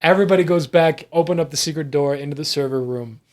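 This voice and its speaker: Male game master, slightly high voice, rambling, laughs a lot. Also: fast talker. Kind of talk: narrating a tabletop game.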